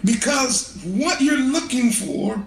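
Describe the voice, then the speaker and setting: Fired-up preacher guy, real high voice, slow and drawn out, faint music behind. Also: lively intonation, creaky, echoey room. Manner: impassioned, shouting and laughing, swings between high and low. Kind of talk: street sermon.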